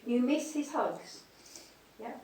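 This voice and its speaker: A woman's voice: high voice, lively intonation, slow pace, a little mellow. A woman works as a medium in front of a live audience, speaking in a tender way and calling people darling and sweetheart. Her mid-range voice rings around a hall from some distance away from the mic, with a faint hiss behind it. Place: spiritualist church hall.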